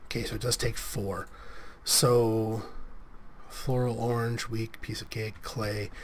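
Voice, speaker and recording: A man's voice: fairly low pitch, little pitch movement, takes it slowly, slight background noise. A man giving casual, rambling gameplay commentary as a let's play host, a bit sniffly with a cold coming on. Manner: rambling, self-correcting, chatty.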